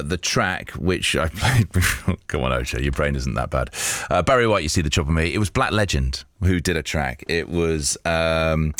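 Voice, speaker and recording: A man's voice: low voice, fairly bright tone, no echo. A man presenting a radio show in a casual, chatty way, reading out listener messages.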